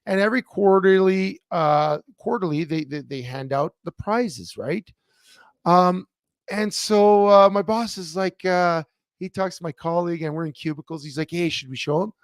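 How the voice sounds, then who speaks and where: Man co-host, animated storyteller, slightly high voice, dry sound. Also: normal speed, no echo. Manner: animated storyteller, many fillers and restarts. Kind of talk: casual sports talk show chat. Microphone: remote computer mic.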